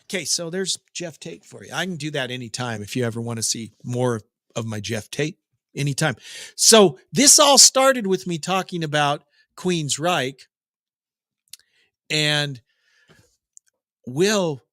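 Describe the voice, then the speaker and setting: A man's voice: on the high side, animated, unhurried, pushed and bright, no echo, clean studio sound. A middle-aged man hosting a daily rock news update, chatting casually with jokes and digressions. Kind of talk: casual rambling commentary.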